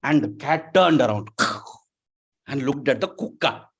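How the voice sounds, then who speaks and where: A man's voice: medium pitch, lively intonation, measured pace, gravelly, breathy edge. A man giving a playful, interactive storytelling lecture to a university class, often asking the audience questions. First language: not Telugu. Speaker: guest lecturer.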